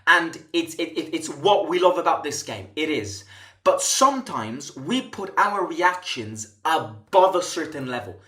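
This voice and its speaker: A man's voice: on the high side, sing-song, a little slow, pushed and bright. Passionate man ranting in an echoey room. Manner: emphatic, rhetorical questions, frequent restarts. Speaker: football fan channel host. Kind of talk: impassioned fan commentary rant.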